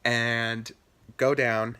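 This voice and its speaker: A young man vlogging a childhood story in casual chat, animated, jumping into squeaky high voices for quotes and dropping low for asides. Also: very slow, clean tone.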